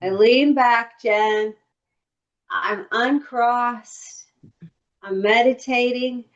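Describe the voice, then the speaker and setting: Female co-host with a higher voice, comic storyteller acting out her thoughts, dull lo-fi call audio. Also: very slow. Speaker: podcast co-host. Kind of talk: casual chat. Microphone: computer microphone on a video call.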